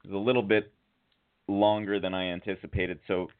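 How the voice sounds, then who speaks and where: A man's voice: low-pitched, level tone, normal speed, smooth. A man hosting a radio show, teasing his co-host in loose, playful banter. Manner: playful, teasing, reads aloud. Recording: tinny phone-like sound.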